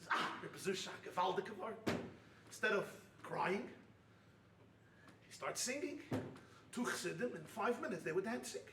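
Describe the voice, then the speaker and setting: A man preaching as a rabbi at a retreat, impassioned, swinging from loud calls to hushed lines and mixing in Yiddish and Hebrew terms. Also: sits high, expressive, normal speed, pauses often, slight background noise. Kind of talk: sermon with storytelling. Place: hall at a weekend retreat. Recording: roomy, distant mic with faint ambience.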